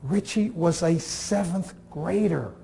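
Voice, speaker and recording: A man in his sixties giving a storytelling talk on listening skills, using dramatic pauses, repetition and dry humor. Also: fairly high pitch, vocal fry, warm tone. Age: 60s. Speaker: speaker on communication skills. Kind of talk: storytelling talk to a live audience.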